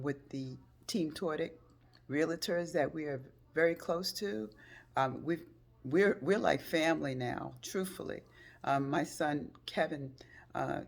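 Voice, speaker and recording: An older woman telling a personal story in a vlog, her voice rising sharply as she re-enacts phone calls. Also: vocal fry. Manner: emotional retelling, acts out phone calls in a high excited voice. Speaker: vlogger.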